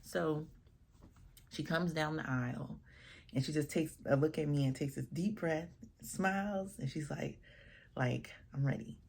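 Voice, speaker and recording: Husky low-voiced woman telling a story. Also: a little slow, pauses often. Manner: animated, expressive storyteller acting out quotes. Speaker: wedding officiant telling a story. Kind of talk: casual storytime vlog.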